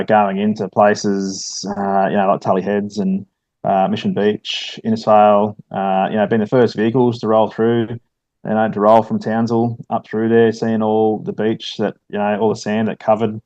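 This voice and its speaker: Laid-back Australian man, flat low voice. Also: no echo, highs cut off. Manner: laid-back, many fillers, says "mate" often. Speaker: guest, firefighter and army veteran. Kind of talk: casual podcast chat.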